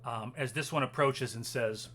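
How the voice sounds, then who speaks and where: A man's voice: mid-range voice, moderate pace, a bit bright, slight background noise. A man narrating as game master of a tabletop game, loose and hesitant with plenty of fillers.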